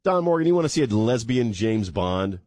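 A man's voice: medium pitch, big pitch swings, fairly quick, a little mellow, no echo, studio quality. A male talk radio host bantering on air, ranting in mock outrage and joking. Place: radio studio. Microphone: studio microphone.

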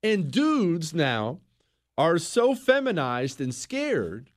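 Guy hosting a talk show, fired up and sarcastic, voice jumps all over, kinda high. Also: huge pitch swings, extremely slow. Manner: ranting, sarcastic, emphatic. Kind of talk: opinionated radio talk.

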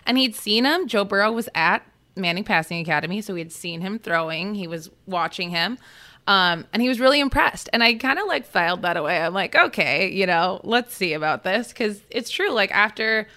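A woman's voice: mid-range voice, lively intonation, a little fast, sharp tone. A woman football reporter on a podcast, telling stories in a chatty, casual way with many fillers and restarts. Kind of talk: casual chat.

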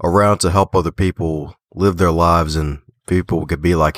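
A man from the Baltimore area, an author and podcaster, telling stories in a lively, folksy way during a remote interview. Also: low-pitched, moderate pace, no room sound. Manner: animated storyteller, folksy phrasing, laughs often. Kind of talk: casual conversational interview.

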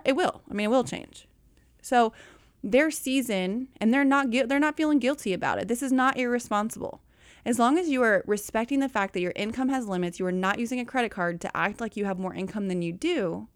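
A woman, coaching listeners on budgeting in casual, animated chat and calling them y'all. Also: on the high side, no room sound. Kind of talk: casual talk.

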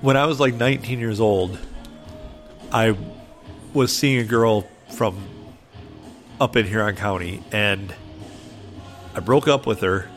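A man's voice: fairly low pitch, measured pace, long pauses, faint music behind. A man co-hosting a podcast in laid-back, wry casual banter, from Michigan. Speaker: podcast co-host.

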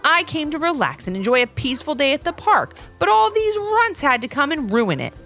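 Storybook role: woman voicing a sassy old basset hound, bitter and grumbling, lively pitch. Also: a little fast, faint music behind, exaggerated voice. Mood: grumpy.

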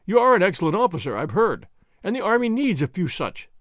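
A man's voice: high voice, big pitch swings, fairly quick, a bit bright, no room sound, studio quality. A man voicing a bold, dashing masked swordsman who talks in a proud, taunting, declamatory way. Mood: mocking.

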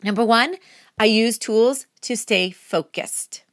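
A woman's voice: fairly high pitch, slow pace, dry recording, clean studio sound. A woman hosting her own podcast, talking straight to listeners in an upbeat, encouraging, chatty way with casual fillers. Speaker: podcast host. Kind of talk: solo podcast outro, motivational.

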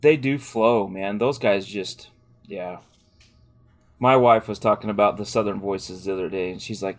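A man co-hosting a dog-training podcast, chatting casually and telling lively stories with laughter. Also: lowish voice, moderate pace. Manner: animated storyteller, laughs often, acts out quotes. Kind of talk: casual chat.

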